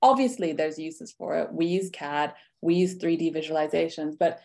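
Low-voiced woman, earnest podcast guest. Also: moderate pace, vocal fry, darkish tone. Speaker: podcast guest, interior designer. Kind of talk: casual podcast interview.

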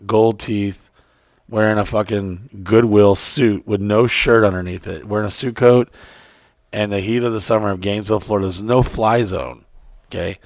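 A man co-hosting a casual chat, telling profane stories with lively voiced impressions. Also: on the low side, no echo, clean studio sound. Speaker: podcast co-host.

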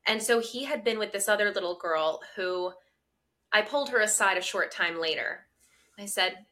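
A woman co-hosting a podcast, telling a story in a casual, animated way with a mounting sense of outrage. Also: mid-range voice, normal speed. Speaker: podcast co-host.

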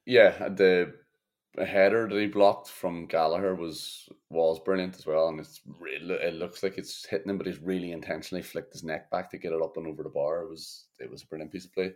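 Deep-voiced man ranting blunt football chat. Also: fairly even intonation, brisk, a little mellow. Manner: blunt, swearing, laughing. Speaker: podcast co-host.

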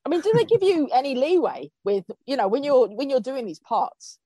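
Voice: sits high, big pitch swings, brisk, mellow. A podcast co-host chatting casually, asking rambling questions and making jokes.

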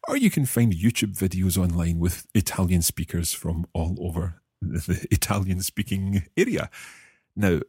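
A man's voice: low voice, gravelly, darkish tone, slightly rough, no echo, studio quality. A Scottish man hosting a language-learning podcast, explaining patiently and encouraging his listeners. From Scotland. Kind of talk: friendly explanatory teaching.

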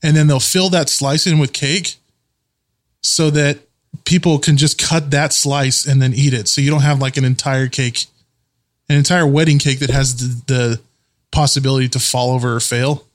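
A man's voice: mid-range voice, fairly even intonation, moderate pace. A man co-hosting a casual podcast chat, laughing often, swearing freely and sometimes searching for words. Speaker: podcast co-host.

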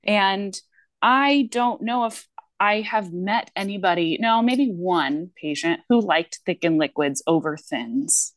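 A woman's voice: medium pitch, expressive, takes it slowly, no room sound. A woman speech-language pathologist in casual podcast chat, rambling with frequent fillers and restarts.

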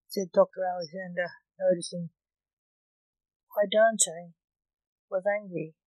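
Slow, measured story reader. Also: medium pitch, steady tone, darkish tone, no echo, low-quality recording. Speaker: narrator. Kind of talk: reading a story aloud.

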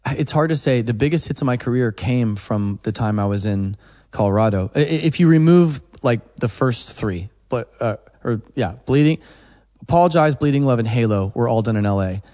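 A man's voice: mid-range voice, moderate pace. A man, a songwriter guest, telling stories in a casual interview and acting out what people said to him. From Oklahoma. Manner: animated storyteller, acts out quotes.

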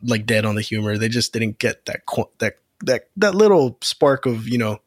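A man co-hosting a podcast in casual chat, relaxed and explaining things at length. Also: medium pitch, moderate pace, no echo, studio quality. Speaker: podcast co-host.

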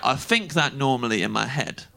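A man in his thirties telling an animated stand-up story, acting out voices as he goes. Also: mid-range voice, normal speed, vocal fry, a faint crowd, a little hiss or hum. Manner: animated, acts out voices, laughs through lines. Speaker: stand-up comedian.

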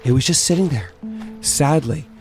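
A middle-aged man telling his own story in a casual interview, candid and animated, cursing freely. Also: a little high, moderate pace, soft background music. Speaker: interview guest, distillery owner.

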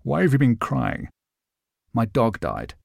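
Man doing a curt gruff older gent. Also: mid-range voice, huge pitch swings, slow pace, dry recording, full character voice. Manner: curt, dry, few words. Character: tall balding older man, blunt and gruff.

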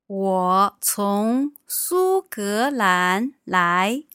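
Native mandarin lady co-host, super slow and smooth, careful speech. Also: mid-range voice, very animated, bright, forceful tone, no room sound, clean studio sound. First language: Mandarin Chinese. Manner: very slow, careful model pronunciation. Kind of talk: podcast language lesson.

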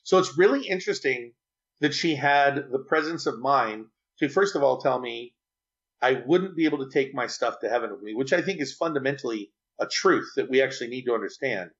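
A man's voice: mid-range voice, expressive, fairly quick, a bit bright, highs cut off. A man being interviewed, telling a personal story in an earnest, chatty and rambling way. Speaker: interview guest.

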